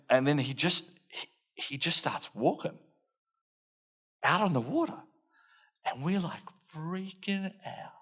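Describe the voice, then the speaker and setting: A man's voice: medium pitch, a bit bright. Australian man in a dramatised sermon. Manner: earnest first-person storytelling with laughs and self-mockery. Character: impulsive blunt fisherman disciple, man, young adult. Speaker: preacher.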